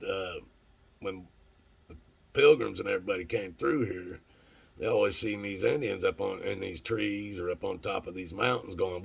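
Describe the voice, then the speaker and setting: Gravelly low-voiced man telling stories. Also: normal speed. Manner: rambling, profane, acts out quoted voices. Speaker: storyteller. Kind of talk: casual storytelling monologue.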